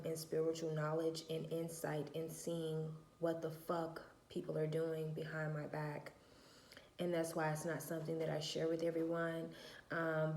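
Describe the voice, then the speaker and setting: A woman with a low, mellow voice speaks in a roomy, echoey space. She tells her story bluntly and with emphasis, swearing freely. It sounds like a casual home vlog. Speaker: vlogger, mother of four.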